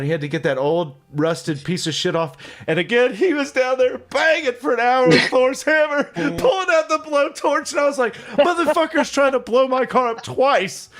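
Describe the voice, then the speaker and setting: A man telling a long, profane story in casual conversation, laughing as he acts out what people said. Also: sits high. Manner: animated, profane, laughing storyteller acting out quotes.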